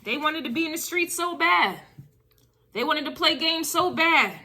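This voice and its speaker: A woman's voice: high voice, lively intonation, unhurried, bright, forceful tone. A woman doing a casual spiritual reading to camera, emphatic and driving her points with repeated phrases. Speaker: tarot reader.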